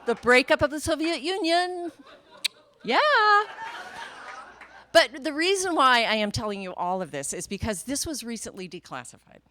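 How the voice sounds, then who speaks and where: Woman, storyteller, tall tale, lively swooping pitch, fairly high voice, playful, sound effects. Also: moderate pace, a little hiss or hum. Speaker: storyteller and emcee.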